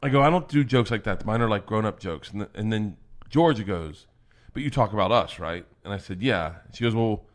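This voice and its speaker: A man, a comedian, telling family stories on a podcast in a loud, profane way, laughing as he goes. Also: on the low side, expressive, brisk. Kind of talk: casual storytelling.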